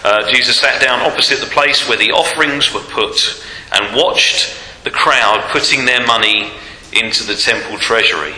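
A male preacher giving a Sunday sermon, asking rhetorical tag questions and pausing on fillers, in a church hall with a long reverb. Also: mid-range voice, pushed and bright. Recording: roomy hall reverb, faint noise.

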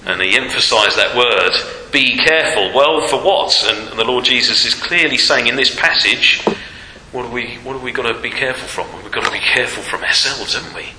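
A male preacher giving a Sunday sermon, asking rhetorical tag questions and pausing on fillers, in a church hall with a long reverb. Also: mid-range voice, pushed and bright. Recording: roomy hall reverb, faint noise.

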